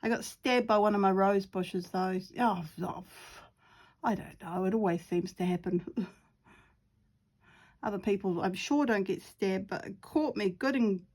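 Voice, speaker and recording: A woman's voice: medium pitch, a little mellow. A middle-aged woman with a New Zealand accent talks her way through a watercolor painting. She rambles from one topic to the next with giggly asides. Some of it is muttered half under her breath. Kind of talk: casual chat while painting.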